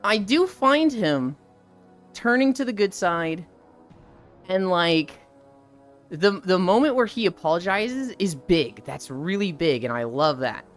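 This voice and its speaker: A woman's voice: lowish voice, slow pace, faint music behind. A young woman streamer chatting casually and animatedly, swearing freely as she rants about a game's story. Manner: animated, profane, ranting about a game story. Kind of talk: casual live-stream chat.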